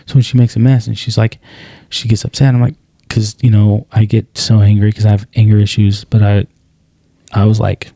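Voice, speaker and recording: A man's voice: fairly low pitch, level tone, moderate pace, dark tone, dry recording, studio quality. A man co-hosting a podcast, chatting casually in a rambling way, often restarting and quoting himself. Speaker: podcast co-host.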